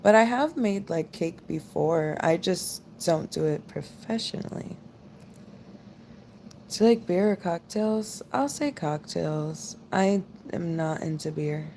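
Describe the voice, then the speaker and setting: A woman's voice: fairly low pitch, slow, slight background noise. A woman, chatting casually and rambling with viewers on a late-night live stream. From United States. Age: 20s. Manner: rambling, relaxed, lots of "like" fillers. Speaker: livestream host.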